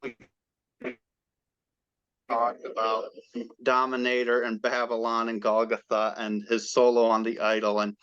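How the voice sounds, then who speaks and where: Male guest, casual animated storyteller who acts out quotes; mid-pitched voice, muffled lo-fi audio. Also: normal speed, clear, resonant tone. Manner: excited, animated storyteller acting out quoted dialogue. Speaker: guest fan.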